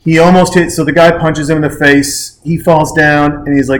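A man co-hosting a podcast, chatting casually about a movie and acting out its scenes with lively bursts of shouting. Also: on the high side, normal speed, hardly any pauses, a little hiss or hum. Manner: animated, acts out movie scenes with shouted curse-laden lines. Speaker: podcast co-host. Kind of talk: casual movie-review chat.

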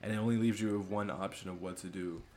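A man's voice: low voice, fairly even intonation, fast, darkish tone, a little hiss or hum. A man hosting a casual podcast chat, talking in a loose, rambling way and laughing often. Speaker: podcast host.

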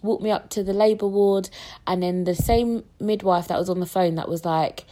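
Young British woman, podcast host, animated casual storyteller who acts out every voice, medium pitch. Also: normal speed. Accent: British English.

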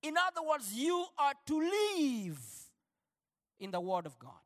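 High-pitched guy preaching slow and fired up, swings soft to shouting, big hall echo. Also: wildly swooping pitch. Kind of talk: sermon.

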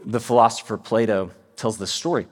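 A man's voice: on the low side, fairly quick. A male pastor preaching a sermon to a congregation in a church, putting questions to the listeners as he goes. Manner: animated, quizzes the congregation. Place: church sanctuary before a congregation. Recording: long hall reverb.

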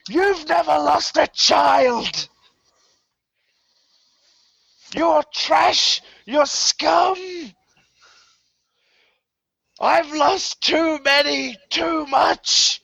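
A man voicing a grieving, furious woman clan leader in a tabletop game, shrieking high when enraged. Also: very slow, vocal fry, hardly any pauses, bright, forceful tone, no echo, full character voice. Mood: enraged screaming. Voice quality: shrill screaming when enraged.

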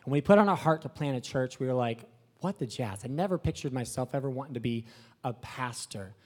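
A young man, a new pastor, giving an emotional and excited testimony to a congregation, talking casually and swinging from soft to shouting. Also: medium pitch, quick pace. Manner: casual slang, breathless excitement. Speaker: young pastor planting a church.

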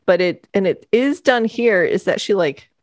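A woman chatting casually about a movie, animated and quick to laugh, with casual swearing sprinkled in. Her voice sits at a middle pitch. The recording is dry and close, with no room sound. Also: no echo. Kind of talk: casual chat reviewing a film.

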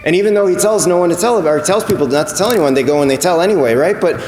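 A man delivers a sermon in a church, chatting more than orating, with frequent restarts and repeated words. His voice sits slightly high and rings in an echoey, reverberant hall with faint ambient noise. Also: racing, darkish tone. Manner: conversational, repeats words, acts out voices in quotes. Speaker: preacher.

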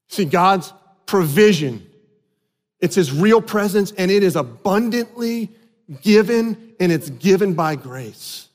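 A man preaching a sermon in an animated way, acting out the voices of the people he quotes. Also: sits high, takes it slowly, big-room sound. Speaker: pastor.

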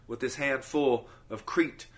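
A man's voice: mid-range voice, fairly even intonation, a little slow, a bit bright, close to an everyday voice. A stubborn dead man, heartfelt and insistent, refusing to give something up, as a man puts him on. The voice stays close to the teller's own, told as a spoken parable. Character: stubborn man clinging to his homeland dirt.

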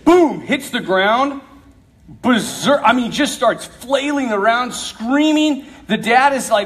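A man, a priest, telling a story to young people in an animated, joking way, acting out the people he quotes. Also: very high-pitched, normal speed. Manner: animated, jokey storyteller who acts out quotes.

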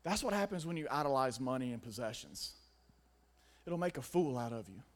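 A young man preaching a sermon, emphatic, swinging between loud stresses and quiet asides. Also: medium pitch, lively intonation, brisk.

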